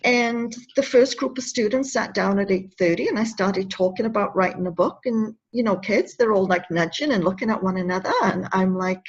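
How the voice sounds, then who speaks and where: Husky-voiced woman in her fifties, earnest. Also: mid-range voice, dull audio. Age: 50s. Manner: earnest, emotional retelling with halting restarts. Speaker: interview guest, anti-bullying advocate. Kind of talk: personal storytelling in conversation.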